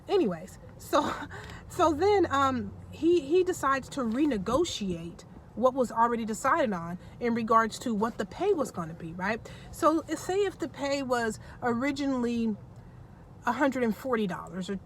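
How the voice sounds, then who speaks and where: A woman tells a personal story to her vlog audience in a chatty, animated way. Her voice sits fairly high, and a faint background hiss stays under it. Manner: chatty, animated, laughs while telling. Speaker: storytime vlogger. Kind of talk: casual storytelling.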